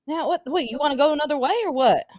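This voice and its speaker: Woman player, high and super lively, bone dry sound. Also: fast talker, no room sound. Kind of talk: tabletop role-play.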